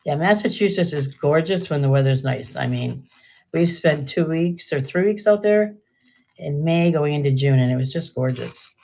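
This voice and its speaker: An older woman with a low, warm voice and moderate pace hosts a live-stream jewelry sale. She chats casually and rambles, frequently trailing off mid-sentence.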